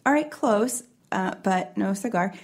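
A woman's voice: medium pitch, lively intonation, measured pace. Playful, teasing woman quiz-hosting on a podcast. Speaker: podcast co-host running a game. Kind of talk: casual comedic chat.

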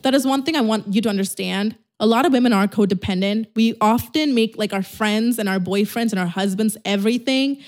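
A woman's voice: a little high, brisk, few pauses, darkish tone. A young woman whose first language is not English, hosting a casual solo podcast, blunt and swearing, acting out little dialogues. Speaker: podcast host.

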